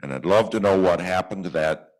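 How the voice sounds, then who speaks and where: A man, a reporter, introducing himself and asking a measured question at a press conference. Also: deep voice, poor audio.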